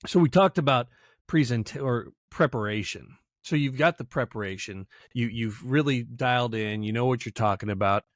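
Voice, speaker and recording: A man hosting a casual podcast interview, relaxed and gently teasing his guest. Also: medium pitch, moderate pace, no echo, studio quality. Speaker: podcast host.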